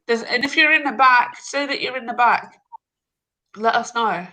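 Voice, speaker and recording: A woman's voice: fairly high pitch, moderate pace, pushed and bright, low-quality recording. A woman hosting a casual livestream, chatty, rambling and laughing often. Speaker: livestream host.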